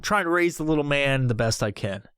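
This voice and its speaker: A man's voice: on the high side, lively intonation, fairly quick, a bit bright, clean tone, dry recording, clean studio sound. A man in his thirties hosting a podcast, telling a comedic story in a rambling, heavily profane way. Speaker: podcast host.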